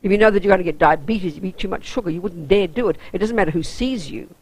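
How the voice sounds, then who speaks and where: A woman's voice: lowish voice, fast, a little mellow, husky, poor audio. Intense Australian woman teaching. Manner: intense, emphatic, down-to-earth. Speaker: Buddhist nun teacher. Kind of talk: teaching a weekend course.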